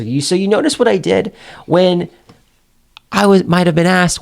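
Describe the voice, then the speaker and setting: A man teaching confident speaking as a coach, pausing for effect and acting out example sentences. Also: sits high, lively intonation, gravelly. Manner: demonstrates intonation with example sentences; emphatic, pauses for effect. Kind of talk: instructional talk.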